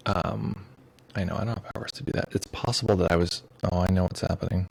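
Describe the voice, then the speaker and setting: A man's voice: deep voice, fairly even intonation, fast talker, gravelly, a little hiss or hum, low-quality recording. A man hosting a meditation livestream in a casual, joking way, reading viewer comments aloud. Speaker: meditation teacher. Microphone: streaming mic with headphones.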